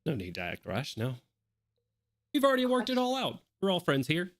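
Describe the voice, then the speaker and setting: A man voicing a smooth, ingratiating male schemer in a tabletop game, placating and calling others love. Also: fairly high pitch, wildly swooping pitch, moderate pace, fairly bright tone, dry recording, pitched above the performer's own voice.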